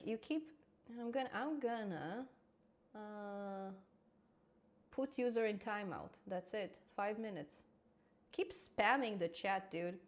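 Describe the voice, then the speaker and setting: A woman hosting a casual live coding stream, thinking aloud as she works and answering chat. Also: medium pitch.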